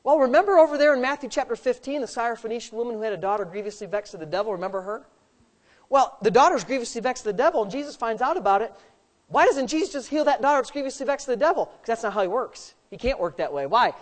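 A woman's voice: a little high, expressive, fast talker. A woman preaching a sermon, asking rhetorical questions and adding playful asides.

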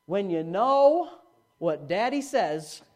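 A middle-aged male pastor preaching a sermon, with dramatic swings from hushed to loud. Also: slow pace. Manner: animated preaching with dramatic swings in pitch and volume. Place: church, live-streamed.

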